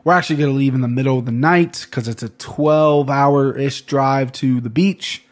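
Man, podcast host, casual rambling talk, occasional swearing, self-deprecating, middle pitch. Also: steady tone, moderate pace. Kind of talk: casual sports betting chat.

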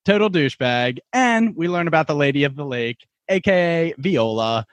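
A man's voice: a little high, animated, moderate pace, no echo, dull audio. Upbeat man hosting a podcast. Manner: upbeat, leads the discussion. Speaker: podcast host. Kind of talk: casual podcast chat.

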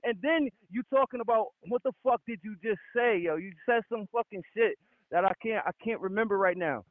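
A high-voiced man argues his point hard and won't let anyone cut in, cursing freely. His voice comes through a thin, phone-like line. The sound is dry and close. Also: brisk, no echo. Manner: insistent, swears a lot, cuts off rebuttals. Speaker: boxing podcast co-host. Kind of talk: heated debate, profane.

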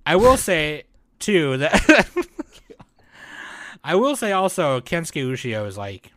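Male podcast host, bright tone, casual rambling delivery, dry recording. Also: on the high side, dry recording. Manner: relaxed, rambling with fillers and quick laughs.

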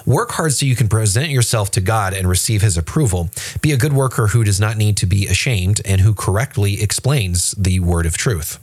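A man's voice: fairly low pitch, normal speed, slightly rough. A man co-hosting a casual faith podcast, talking loosely with restarts and acting out quoted voices. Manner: animated, acts out quoted voices; frequent restarts and fillers. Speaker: podcast co-host.

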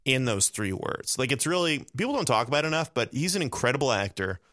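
A man's voice: medium pitch, big pitch swings, quick pace, a bit bright, dry recording, studio quality. A man co-hosting a casual comedic podcast chat, rambling and mock-earnest. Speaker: podcast co-host.

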